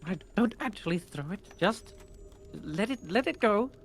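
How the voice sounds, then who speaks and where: Whiny, panicky male captive with a high, fretful voice, played by a man. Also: lively intonation, moderate pace, over music. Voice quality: high, whining cries.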